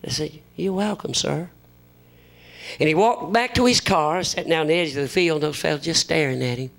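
A folksy man preaches from the pulpit with a slightly higher voice. He spins humorous stories and jumps into the voices of the people in them. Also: quick pace, creaky, a bit bright. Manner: folksy joking, acts out voices in his stories. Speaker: visiting preacher.

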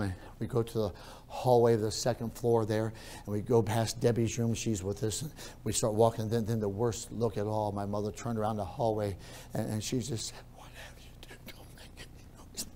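A male pastor preaching a sermon, repeating his phrases and moving between quiet storytelling and loud, raised preaching. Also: on the low side, slight background noise.

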